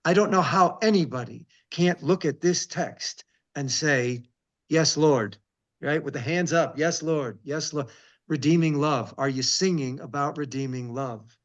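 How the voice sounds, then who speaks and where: A man, a rabbi, reading scripture aloud slowly and with emphasis, stopping to comment and ask searching questions in a devotional conversation. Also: on the high side, lo-fi sound. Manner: reads scripture slowly and emphatically, breaks off with asides. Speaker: rabbi, interview guest.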